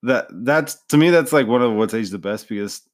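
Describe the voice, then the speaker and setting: A man's voice: mid-range voice, fairly quick. A man hosting a podcast, chatting casually and acting out quoted lines as he retells scenes. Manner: animated retelling, acts out quotes. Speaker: podcast host. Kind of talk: casual chat.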